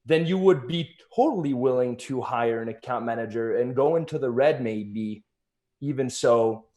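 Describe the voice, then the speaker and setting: A man's voice: mid-range voice, normal speed, warm tone. A man in casual business conversation, explaining his points earnestly with examples.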